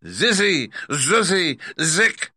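A man voicing a fierce, commanding wicked old witch who chants spells in a shrill voice in a storybook reading. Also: animated, a little slow, pushed and bright, dry recording, heavily acted. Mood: chanting.

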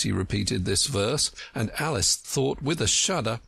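Lively male storybook narrator. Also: lowish voice, unhurried, vocal fry, few pauses, slightly rough, no echo. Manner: expressive, lively reading. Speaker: audiobook narrator. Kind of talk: storybook reading for radio.

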